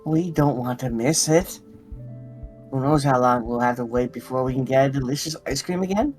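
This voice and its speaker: A streamer voicing an excited, gossipy townsperson waiting in line. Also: medium pitch, moderate pace, faint music behind, close to an everyday voice. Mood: eager. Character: eager townsperson waiting in line for ice cream.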